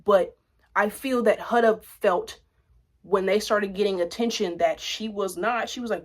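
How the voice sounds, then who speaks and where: A woman in her twenties ranting casually to camera, blunt and profane, jumping between loud outbursts and low asides. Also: measured pace. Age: 20s. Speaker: vlogger commenting on reality TV.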